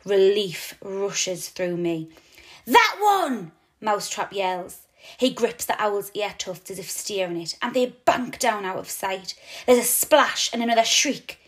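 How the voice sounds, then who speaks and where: A woman teacher reading a children's novel aloud with expressive, dramatic narration. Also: mid-range voice, a little slow. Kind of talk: storybook reading.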